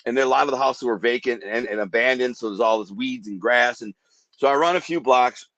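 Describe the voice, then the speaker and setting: A man's voice: mid-range voice, fairly quick, a bit bright, no echo. A man telling a dramatic story from his own life in a vivid, rambling way, acting out the voices he quotes. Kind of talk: intense personal storytelling. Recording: dull dry podcast audio.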